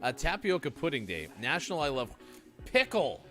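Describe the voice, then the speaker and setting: A man's voice: a little high, big pitch swings, normal speed, fairly bright tone, soft background music. A man hosting a morning show who reads the segments playfully and jokes with his co-hosts. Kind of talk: casual morning show banter.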